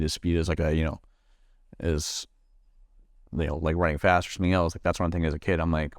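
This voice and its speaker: Deep-voiced man, halting candid storytelling. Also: level tone, a little mellow, dry recording, studio quality. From Nebraska, USA. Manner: halting, many fillers and restarts, swears freely. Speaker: Marine veteran guest.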